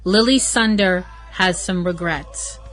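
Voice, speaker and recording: A woman's voice: lowish voice, slow pace, fairly bright tone, soft background music. A woman hosting her own podcast, talking in a rambling, chatty way with sarcastic asides. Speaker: podcast host. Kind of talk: casual solo podcast chat.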